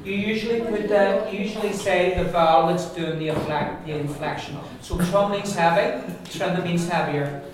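A man's voice: high-pitched, normal speed, hardly any pauses. A man teaching a language class, explaining in loose restarts and often checking with his students. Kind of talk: classroom lesson. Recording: echoey room from far off, noisy.

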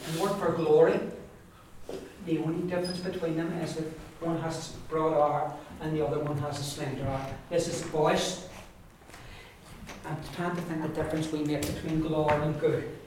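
A man with an Irish accent leads a classroom pronunciation lesson, saying words over and over for the class to repeat. His voice sits a little high and reaches the mic from some distance. The room is very echoey, with faint noise behind him. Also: steady tone, moderate pace, a little mellow. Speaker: Irish language teacher.

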